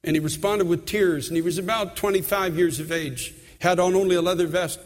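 Pastor, male, high-pitched preacher's voice, impassioned sermon in a reverberant church. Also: steady tone, fairly quick. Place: large church sanctuary.

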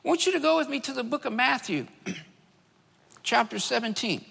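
A man's voice: very high voice, animated, moderate pace, gravelly, fairly bright tone, husky. A man preaching a sermon, emphatic, repeating key phrases for stress. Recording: long hall reverb.

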